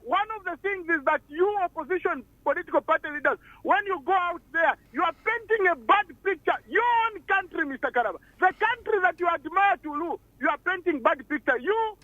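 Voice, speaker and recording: A man's voice: very high-pitched, pushed and bright, dry recording. A man with a Zambian accent, a governor calling in to a radio debate, insisting on finishing his point over the host. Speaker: provincial governor, caller. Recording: muffled phone line.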